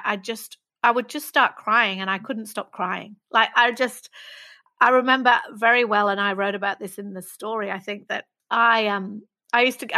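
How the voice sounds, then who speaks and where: Middle-aged woman from England, clear bright tone, open and self-reflective guest. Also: a little high. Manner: earnest and self-reflective, laughing at herself. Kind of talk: candid conversational interview.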